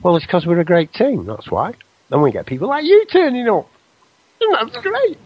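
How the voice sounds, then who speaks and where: A man hosting a radio show, talking in a rambling, excitable, self-deprecating way close to his microphone. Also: high voice, normal speed, highs cut off. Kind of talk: casual radio chat.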